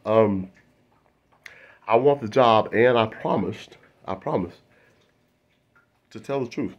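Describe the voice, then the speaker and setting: Husky man rambling through comedy bits. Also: lowish voice, takes it slowly, muffled recording. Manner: loose, self-interrupting, many fillers and restarts. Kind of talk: rambling stand-up monologue to camera.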